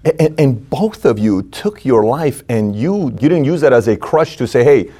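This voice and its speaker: Guy hosting an interview, warm dark tone, bit breathy. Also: mid-range voice, very animated, moderate pace. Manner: conversational, leading questions. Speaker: host. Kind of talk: interview questions. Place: studio.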